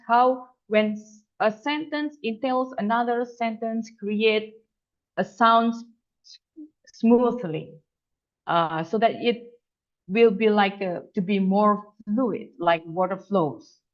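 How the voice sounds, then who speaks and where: A woman lectures slowly and deliberately in a fairly high voice. She works methodically through her points, repeating examples and often restarting words. The sound is dull and lo-fi, like online lecture audio. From Indonesia. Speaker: English teacher.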